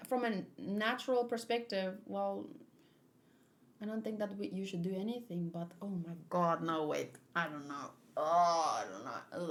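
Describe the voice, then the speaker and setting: A woman's voice: lowish voice, vocal fry. A woman hosting a manga read-along, chatting casually and rambling as she thinks aloud. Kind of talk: casual chat and reading aloud.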